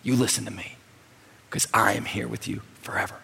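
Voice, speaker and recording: A man speaking as a gentle, loving heavenly father in a soft, hushed, reassuring way, heard with long hall reverb. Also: lowish voice, monotone, normal speed, creaky, slight background noise. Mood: tender.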